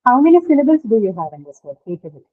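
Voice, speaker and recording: A woman's voice: on the high side, very animated, racing, a little hiss or hum. A woman English teacher giving an online class. She talks patiently, asks the students questions and often checks with them by asking "right?". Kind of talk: online class lecture on word stress. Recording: tinny phone-like call audio.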